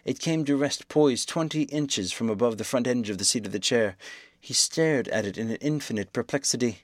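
A man reading a novel aloud as audiobook narration, in steady, measured storytelling. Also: mid-range voice, no echo, clean studio sound.

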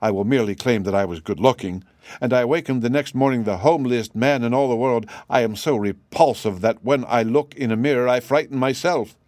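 A man's voice: medium pitch, a little fast, a little mellow, no room sound, studio quality, natural voice. A man voicing a gloomy, despairing man hiding away under a curse of ugliness, with a sad, hollow voice. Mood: wailing. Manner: wailing, gloomy.

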